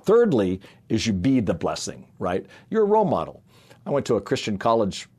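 Middle-aged male ministry speaker, low voice, earnest family-story sermon. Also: wildly swooping pitch, a little fast, a little mellow, slightly rough. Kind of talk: sermon-style talk with personal stories.

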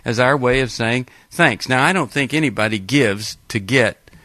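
A man's voice: mid-range voice, normal speed, pushed and bright, no room sound. A man hosting a call-in radio show, chatting casually with fillers and playful jokes.

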